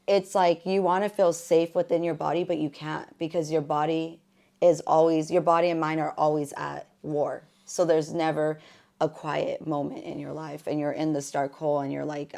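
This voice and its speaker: A woman guest on a podcast, speaking softly and emotionally about her past, with many fillers. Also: deep voice, level tone, normal speed, vocal fry. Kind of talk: personal testimony.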